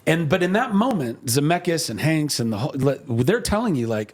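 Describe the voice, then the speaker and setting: A man in his forties telling a personal story in casual chat, emotional and animated, with many fillers and restarts. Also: on the high side, fairly quick, few pauses.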